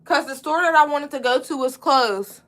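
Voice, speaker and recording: A woman's voice: high-pitched, normal speed, a bit bright. A young woman hosting a casual braiding livestream, chatting loosely, greeting viewers in the chat and eating candy as she talks. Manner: chatty, greets viewers by name, eats candy while talking.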